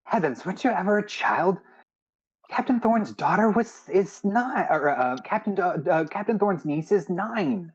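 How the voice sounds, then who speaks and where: Guy doing a stern guarded barkeep lady, bit higher voice, muffled lo-fi stream audio. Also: expressive, measured pace, breathy edge, full character voice. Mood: exasperated. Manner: guarded, lowers voice to share secrets. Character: stern middle-aged woman tavern keeper.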